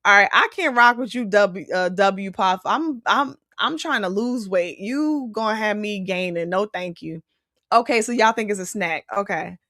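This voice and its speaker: A woman's voice: mid-range voice, animated, moderate pace, sharp tone, dry recording. Chatty woman host, close dry mic. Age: adult. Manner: chatty, reads out viewer comments and reacts. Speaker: host reading live chat. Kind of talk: casual live-stream chat.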